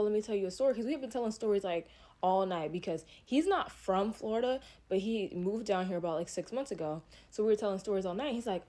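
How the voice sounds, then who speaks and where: A young woman telling a dating story in an animated, slangy, exasperated way. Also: mid-range voice. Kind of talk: casual storytime.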